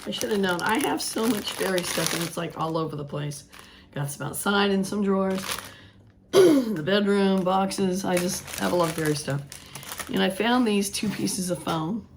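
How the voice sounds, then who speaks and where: A woman with a hoarse voice, rambling casually as she works on a craft project and later preaching earnestly. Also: mid-range voice, normal speed, noisy background. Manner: rambling, thinking aloud with restarts; earnest preaching about faith. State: hoarse, voice still gone after illness. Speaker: craft vlogger. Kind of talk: casual craft vlog talk.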